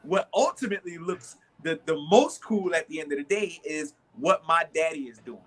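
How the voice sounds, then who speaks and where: Casting note: New man in his thirties, bright slightly high voice, a passionate storyteller who repeats and restarts a lot. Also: lively intonation, moderate pace. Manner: storytelling with many restarts, acts out both sides of arguments. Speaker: sports talk show co-host. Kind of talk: animated storytelling in casual chat.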